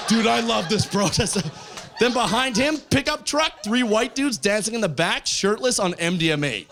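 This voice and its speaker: Canadian male stand-up, high and bouncy delivery, acts out the people he talks about. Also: moderate pace, background noise. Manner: animated storytelling, jumping into voices. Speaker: stand-up comedian. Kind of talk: stand-up comedy performance. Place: stage in front of a live audience.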